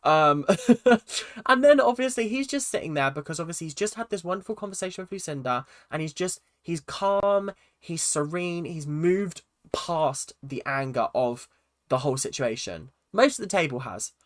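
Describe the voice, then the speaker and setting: A man delivering an animated, exasperated reaction vlog about a reality TV show, reviewing it as a regular YouTuber. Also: fairly high pitch, moderate pace, no echo, clean studio sound. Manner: animated, exasperated, mocking impressions.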